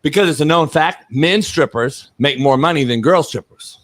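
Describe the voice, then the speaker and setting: A man hosting a sports talk show, ranting loudly and profanely, often breaking into shouts. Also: fairly high pitch, moderate pace. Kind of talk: heated sports talk banter.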